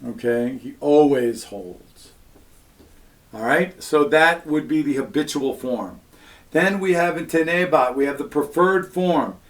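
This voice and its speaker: A man's voice: fairly high pitch, moderate pace, fairly bright tone. Patient man teaching a Latin lesson. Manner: patient step-by-step explaining, frequent "all right" and "um". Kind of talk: recorded classroom lesson.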